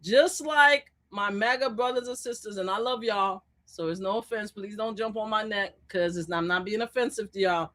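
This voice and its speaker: A woman calling in as a guest on a live stream, talking loud, animated and sassy in casual political chat. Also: mid-range voice, moderate pace, hardly any pauses. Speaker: guest commentator.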